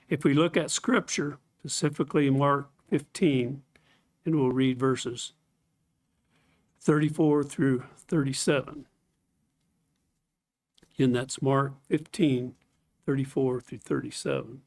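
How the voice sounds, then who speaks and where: A man teaching a scripted Bible study lesson, explaining things step by step, reading scripture aloud and clearing his throat now and then. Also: medium pitch.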